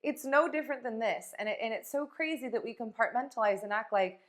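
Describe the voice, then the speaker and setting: A woman's voice: fairly high pitch, a little fast. Blunt, profane woman coach. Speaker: life coach. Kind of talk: casual motivational vlog talk.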